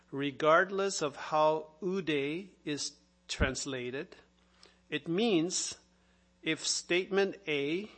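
A man preaching a sermon, explaining scripture in a deliberate, teaching manner with occasional fillers. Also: fairly high pitch, a bit bright.

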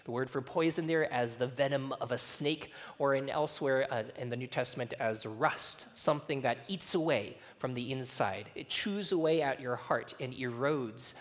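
A man's voice: medium pitch, moderate pace, few pauses. Chatty male preacher in echoing hall. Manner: chatty, laughing, frequent fillers and "right?". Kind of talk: casual sermon with personal stories. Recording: long hall reverb.

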